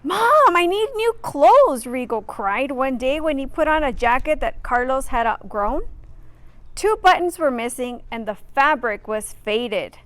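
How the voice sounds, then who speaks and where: Woman storyteller, children's book read-aloud; slow, lively asides, dry close sound. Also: a little high, dry recording. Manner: slow, expressive, adds friendly asides to listeners. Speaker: reader.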